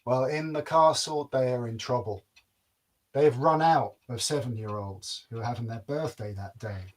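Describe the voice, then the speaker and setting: A man's voice: medium pitch, moderate pace. A man telling a folk tale aloud in a playful, wry, dramatic way. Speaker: storyteller. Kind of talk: oral folk-tale storytelling.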